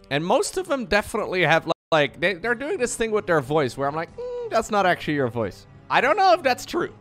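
A man chatting casually and jokingly on his live stream, animated and playful. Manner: joking, animated, with playful high-pitched squeals.

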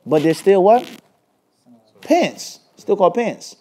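A man's voice: high-pitched, lively intonation, slow, warm tone. A man teaching an Islamic class, lecturing and constantly quizzing his students with questions. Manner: keeps quizzing the class with "what?" and scolding asides. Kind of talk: lecturing with call-and-response questions.

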